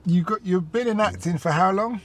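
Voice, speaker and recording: A man's voice: high-pitched, a little fast, fairly bright tone. A man hosting a casual podcast interview inside a car, upbeat and asking follow-up questions. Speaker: podcast host. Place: inside a car on a city street.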